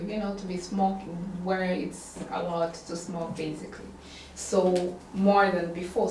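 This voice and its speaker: A woman teaching one-on-one, patiently repeating words and questions slowly for her student. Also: medium pitch, darkish tone. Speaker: English tutor. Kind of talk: one-on-one language lesson. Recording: roomy echo, distant from the mic, faint background hiss.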